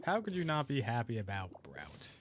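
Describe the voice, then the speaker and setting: Young guy streaming a game, chatting w viewers, pitch bouncing around, faint music behind. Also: huge pitch swings, a little fast. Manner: rambling, chats with viewers while playing. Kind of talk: casual streaming chat.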